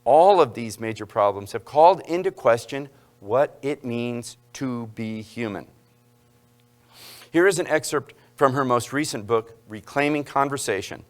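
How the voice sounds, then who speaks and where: Male lecturer, mid-pitched voice, public talk with playful audience asides. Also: animated, measured pace. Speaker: university lecturer. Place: lecture hall.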